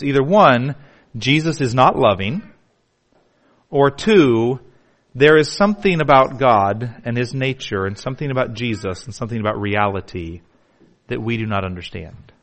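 A male pastor, preaching a sermon with drama, dropping to hushed tones and then building to emphatic repetition. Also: mid-range voice, animated, moderate pace. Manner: dramatic, shifts from hushed to emphatic, repeats words.

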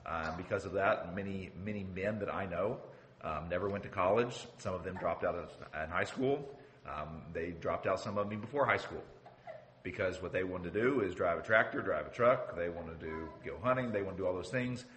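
A deep, fairly bright male voice preaches at normal speed over a little hiss or hum. His manner is that of an earnest teacher: he repeats words to build his argument and frequently signposts with "okay."

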